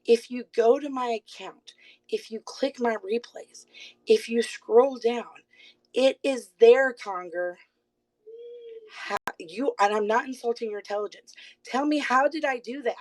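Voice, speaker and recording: Confrontational woman streamer, quick pointed questions. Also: on the high side, low-quality recording. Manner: rapid bursts, insists she is calm. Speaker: live streamer. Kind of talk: livestream call-out rant. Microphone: phone.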